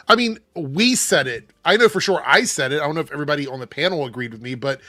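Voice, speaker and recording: A man's voice: on the high side, expressive, fast, hardly any pauses, bright, forceful tone, no room sound. A man hosting a casual panel livestream, reading viewer messages and giving blunt opinions. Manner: opinionated, blunt, reads super chats aloud.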